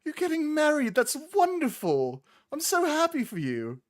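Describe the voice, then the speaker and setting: A man voicing a friendly, chatty small gnome woman, a mother, in a bubbly falsetto. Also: big pitch swings, normal speed. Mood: delighted.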